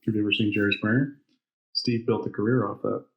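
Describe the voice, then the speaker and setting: A man's voice: fairly low pitch, steady tone, fast talker, highs cut off. A man co-hosting a podcast in casual banter, joking and laughing often. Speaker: podcast co-host. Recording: echoey room.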